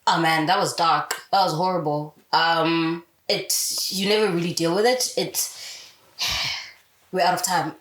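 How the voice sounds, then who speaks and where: A young South African woman, appearing as a guest on a radio show, speaks candidly in a casual interview, swearing freely and telling her story with animation. Her voice is on the low side, with a steady, unhurried tone and a bit of brightness. The recording has a roomy echo.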